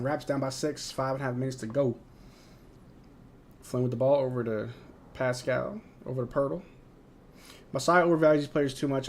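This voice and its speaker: A young man hosting a live watch-along, calling the plays in a tired, yawning way and answering viewer chat. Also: medium pitch. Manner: tired, yawning, drowsy play-by-play; reads viewer chat aloud and replies. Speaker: live stream host.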